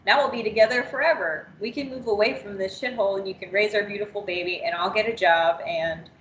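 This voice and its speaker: A woman's voice: mid-range voice, quick pace, fairly bright tone, lo-fi sound, a little hiss or hum, close to an everyday voice. Brief: clingy, cheerful young boyfriend, read by a woman trainer, roomy sound. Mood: coaxing. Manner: cheerful, coaxing.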